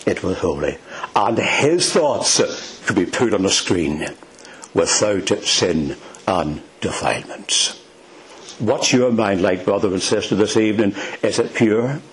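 Slow, emphatic male preacher. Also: fairly low pitch, low-quality recording. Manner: slow, emphatic, with rhetorical questions to the congregation. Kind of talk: sermon.

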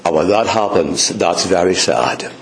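A man preaches in a slow, deliberate sermon, calling out congregation members by name and hammering points home with repetition. His pitch swoops widely between low murmurs and high peaks. The voice rings through a roomy hall with faint ambience behind it. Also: animated, slight background noise. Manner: fervent, repetitive emphasis. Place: church hall before a congregation.

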